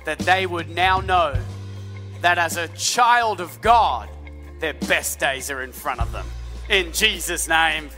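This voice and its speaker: A man preaching a sermon as lead pastor, energetic and calling out to the congregation. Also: fairly high pitch, slow, faint music behind. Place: large church hall with music. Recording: live church hall with long reverb.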